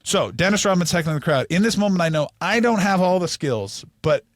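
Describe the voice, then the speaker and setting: A middle-aged comedian, a man from Canada, spins animated stories at a brisk clip on a close podcast mic. His voice sits a touch high for a man and sounds dry, with no room around it. He swears freely and keeps the energy up. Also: no room sound. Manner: animated, profane, fast storytelling. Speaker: comedian guest. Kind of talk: storytelling interview.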